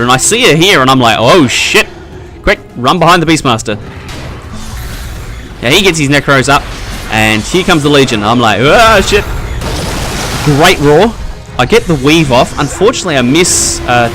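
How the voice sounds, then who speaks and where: Young male gameplay commentator, casual and chatty, tense bright tone. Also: medium pitch. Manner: chatty, laughs often, excitable at tense moments. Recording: faint background music.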